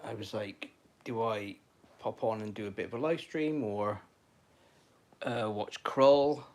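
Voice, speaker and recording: A man's voice: fairly low pitch, normal speed, darkish tone. A man chatting casually on a live stream from home, rambling and talking to viewers and his dog.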